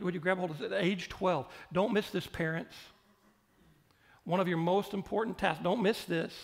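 A man's voice: sits high, creaky. A male pastor preaching a sermon, repeating phrases and putting questions straight to the congregation. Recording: long hall reverb.

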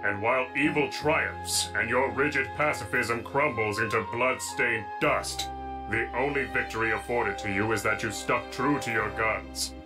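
A man playing a deadpan formal android head. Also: medium pitch, normal speed, over music, close to an everyday voice. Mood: stern. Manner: deadpan, formal, flat robotic diction. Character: stoic android, now just a severed head.

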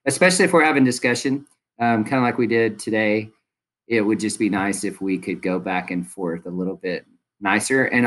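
Young man, teacher, relaxed instructional talk, ums throughout. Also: on the low side. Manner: casual, friendly, many ums. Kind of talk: recorded classroom instructions.

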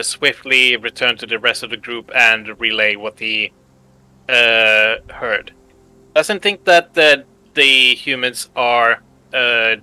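A man playing a tabletop game, speaking haltingly with many fillers. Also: medium pitch, sharp tone, clear, resonant tone, no echo, rough recording. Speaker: player.

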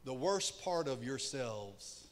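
Male pastor, sermon, lively pitch, shouts then goes quiet, echoey church hall. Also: takes it slowly. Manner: animated, shouts for emphasis, then drops very quiet. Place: church sanctuary.

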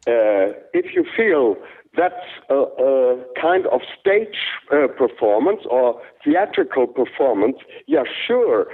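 An older man with a German accent, a German native speaker, speaking haltingly in an interview with many fillers and restarts. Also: a little high, slightly rough. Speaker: interviewed actor. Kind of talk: casual interview talk. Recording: tinny phone-like sound.

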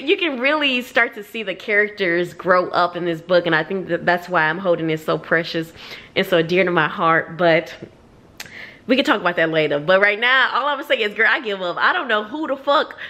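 A woman vlogging about her reading in a casual, animated way, blunt and profane, with frequent laughs. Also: medium pitch. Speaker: book vlogger. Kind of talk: casual reading vlog chat.

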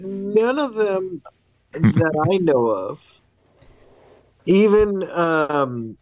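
A man's voice: a little high, animated, extremely slow, a little mellow, no echo, dull audio. A man co-hosting a podcast, asking skeptical questions in casual chat. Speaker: podcast co-host.

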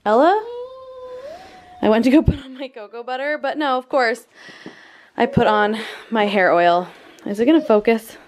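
A young woman in her late teens vlogs casually to camera in a fairly high voice at a moderate pace, pausing often, with a little hiss or hum in the recording. Slightly out of breath, she's chatty and giggly, calling her viewers "you guys."

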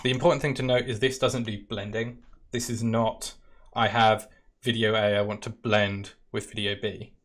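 A man with a British accent, casually talking through a software demo step by step in a live-stream Q&A. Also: on the low side, little pitch movement, moderate pace. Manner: casual, talks through steps while clicking. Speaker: product specialist demoing software.

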